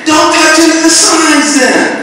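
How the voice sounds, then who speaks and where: A man acting out an exasperated baseball manager who yells at his coach in a high, frantic voice. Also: moderate pace, slight background noise. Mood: furious. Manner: shouting, high-pitched and frantic. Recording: echoey hall heard from a distance.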